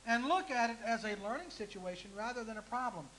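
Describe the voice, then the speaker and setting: A man's voice: very high voice, expressive, brisk, a bit bright, a little hiss or hum, poor audio. A man preaching a folksy sermon, teasing himself and asking the congregation direct questions. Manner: folksy, self-deprecating, talks straight to the congregation.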